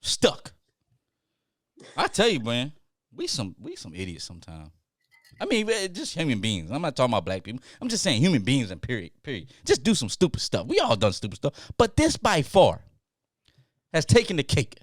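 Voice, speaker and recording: A man's voice: mid-range voice, moderate pace, no echo. Guy hosting a podcast, ranting hard and repeating himself, dry close mic. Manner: animated, emphatic ranting with repeated phrases. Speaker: podcast host. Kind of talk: casual podcast chat. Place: studio table with co-hosts.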